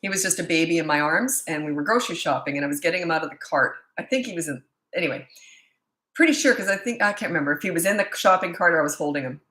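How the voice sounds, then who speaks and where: A woman's voice: on the low side, animated, very fast, pushed and bright, echoey room. A woman in her sixties from Canada, a parenting coach answering viewer questions in a blunt, firm, opinionated way with rambling asides. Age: 60s.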